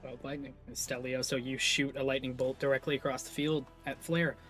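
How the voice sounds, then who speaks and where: A man's voice: mid-range voice, level tone, fairly quick, a bit bright, soft background music. A man narrating as game master of a tabletop game, rambling and correcting himself as he goes.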